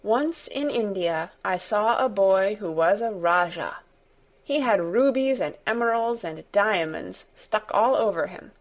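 A woman's voice: mid-range voice, close to an everyday voice. A woman voicing a young girl who speaks in a direct, matter-of-fact way. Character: plain-spoken young girl, blunt and curious.

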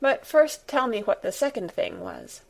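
A woman's voice: on the high side, wildly swooping pitch, moderate pace, gravelly, full character voice. A woman voicing a spoiled, imperious invalid boy who speaks in a commanding, haughty way. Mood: curious.

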